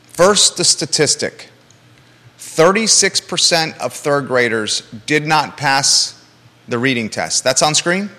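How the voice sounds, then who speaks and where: A man's voice: a little high, animated, takes it slowly, bright, forceful tone, long reverb tail. A man hosting a live local talk show, blunt and emphatic, with joking asides.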